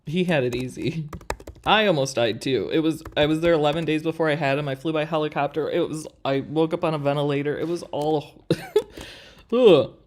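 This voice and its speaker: A woman's voice: low-pitched, brisk. A woman in her forties hosting a live craft design stream, chatting with viewers as friends while she works through a tutorial. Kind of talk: live screen-share tutorial with viewer chat.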